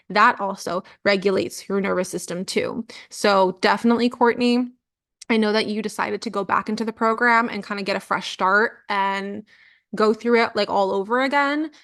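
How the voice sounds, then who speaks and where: A young adult woman with a mid-range, fairly bright voice coaches clients live on energy healing. She speaks casually and earnestly, using lots of filler words.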